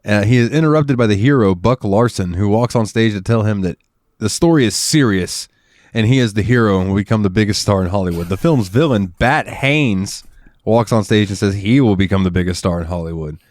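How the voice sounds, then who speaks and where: A man's voice: lowish voice, brisk, darkish tone, dry recording, clean studio sound. A man on a podcast reading film trivia aloud with wry, laid-back asides in casual chat. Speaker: podcast co-host.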